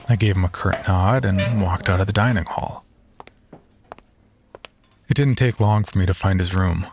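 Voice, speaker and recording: A man narrating a first-person horror story in a measured, scripted way. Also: lowish voice, slight background noise.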